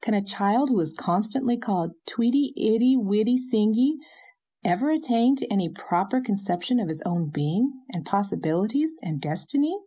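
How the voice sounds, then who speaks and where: A woman's voice: mid-range voice, lively intonation, moderate pace, dark tone, breathy edge, muffled recording, voice pushed up. A woman voicing a pompous male author who lectures in grand rhetorical questions. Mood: lecturing.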